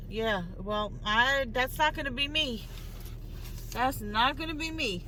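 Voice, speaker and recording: A woman's voice: a little high, unhurried, pushed and bright. A woman, rambling and repeating herself as she chats to the camera in a casual vlog. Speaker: vlogger. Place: at home, then in her car.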